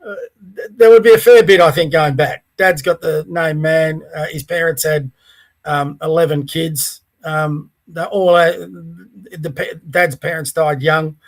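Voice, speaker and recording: A man's voice: fairly high pitch, steady tone, a little slow. Blunt Australian man ranting. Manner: blunt, coarse, opinionated. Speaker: podcast host. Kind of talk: ranting solo commentary.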